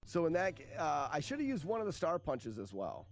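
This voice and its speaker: Male streamer with lively pitch over faint music, quick joking play-by-play with cursing. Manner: animated, joking, swears at the game. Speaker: streamer playing a retro game. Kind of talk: live-stream gaming commentary.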